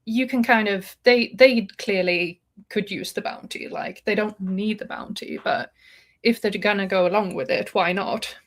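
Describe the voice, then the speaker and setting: A woman's voice: medium pitch, steady tone, moderate pace. A woman co-hosting a book podcast, casually retelling a story's plot and acting out the characters' lines. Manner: retells the plot with acted-out quotes. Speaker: podcast co-host.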